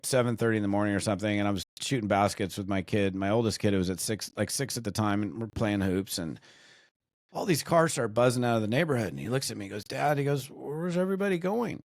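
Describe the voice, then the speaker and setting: A man's voice: on the low side, fast, no echo, studio quality. A middle-aged man from the United States, a network marketing trainer chatting as a podcast guest, rambling with fillers and restarts. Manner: rambling, animated storytelling with many fillers and restarts. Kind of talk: casual podcast chat.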